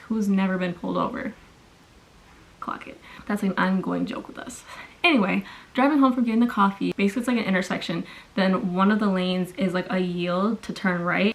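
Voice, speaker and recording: A woman's voice: medium pitch, a bit bright, rough recording. A young adult woman vlogger telling a long story in casual chat while doing her makeup at home, with lots of fillers.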